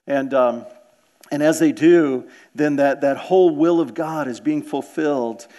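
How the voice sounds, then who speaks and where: Earnest man preaching, higher-pitched voice. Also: a little slow, warm tone. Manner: earnest, repeats words, asks the room questions. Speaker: pastor. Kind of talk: sermon.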